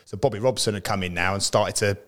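Fast-talking British man telling stories. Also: on the low side. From Britain. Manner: animated storyteller who acts out teammates' lines. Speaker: podcast co-host, ex-footballer. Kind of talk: casual chat, anecdotes.

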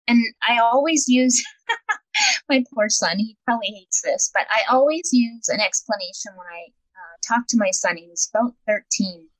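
A woman's voice: on the high side, big pitch swings, normal speed, no room sound, rough recording. A woman being interviewed as an empowerment coach, talking in an earnest, reflective way and often restarting her sentences. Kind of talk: casual interview conversation.

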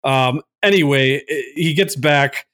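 A man recapping a movie in casual podcast chat, animated, laughing often and full of fillers. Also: mid-range voice, takes it slowly. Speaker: podcast co-host.

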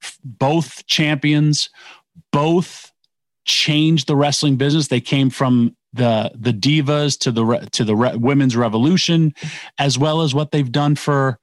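A man's voice: mid-range voice, fairly even intonation, a little slow, dry recording. A man co-hosting a wrestling radio show, talking casually and rambling with many self-corrections. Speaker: radio co-host, former wrestler. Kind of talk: sports talk radio.

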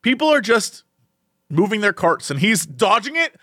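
A young man with a high voice speaks at a moderate pace, recorded dry with clean studio sound. As a podcast co-host, he casually tells a funny story, animated and laughing often as he acts out the people in it.

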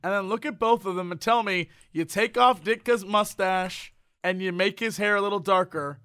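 An excitable man co-hosting a casual chat, laughing a lot and reacting loudly. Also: sits high, moderate pace, smooth, no echo. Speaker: podcast co-host.

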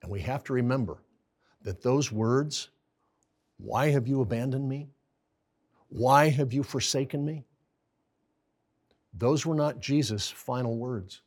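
An American man delivers a Bible lesson like a sermon, slow and deliberate, letting the words settle. His voice is husky, middle-pitched, and grows intense and pleading as he voices quoted prayers. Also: a little mellow. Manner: earnest, rising to pleading intensity when quoting prayers. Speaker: Bible study teacher. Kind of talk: sermon-style Bible teaching.

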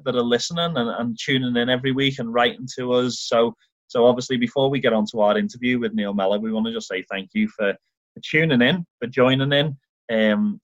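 Irish male podcast co-host, lively storyteller, dull lo-fi recording. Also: mid-range voice, no room sound. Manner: enthusiastic, animated storytelling with acted-out quotes. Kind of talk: casual football chat.

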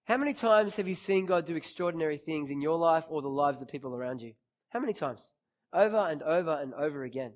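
High-voiced preacher telling a story. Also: male voice, lively intonation, fast. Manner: storytelling with acted-out quotes, rising to emphatic peaks. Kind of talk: sermon.

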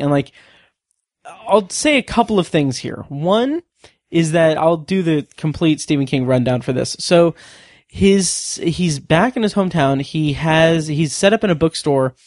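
A man co-hosts a podcast in casual conversation, rambling along with plenty of fillers and false starts and laughing often. His voice sits a little high with a darkish tone, and the recording is clean studio sound with no echo.

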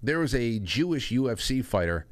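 A man's voice: medium pitch, sing-song, moderate pace, no echo. A man hosting his own show, talking in a rambling, joking, self-deprecating way. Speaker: host. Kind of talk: casual monologue.

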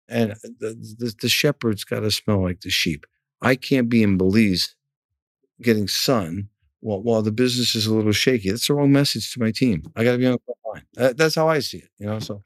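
A man's voice: on the low side, a little fast, no room sound, studio quality. A man, a car dealership manager, talking frankly in a casual interview, often repeating a word as he starts a sentence. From New York area.

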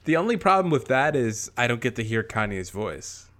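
A man's voice: mid-range voice, very animated, normal speed, fairly bright tone. A man co-hosting a podcast in easygoing casual chat. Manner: easygoing, chuckling, conversational. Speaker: podcast co-host.

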